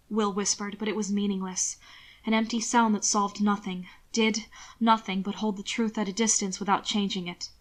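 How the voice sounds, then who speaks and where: A woman reads a novel aloud in a soft, even voice at a steady storytelling pace. Her pitch sits in a middle range and she keeps her delivery gentle throughout. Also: moderate pace. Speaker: audiobook narrator. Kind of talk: scripted narration of a novel.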